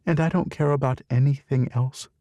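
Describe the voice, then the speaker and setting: A man's voice: medium pitch, fairly even intonation, moderate pace, dark tone, no echo, pitched above the performer's own voice, close to an everyday voice. A man voicing a loving, fierce middle-aged adoptive mother in an audiobook, speaking emphatically and tenderly. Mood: tender, fervent.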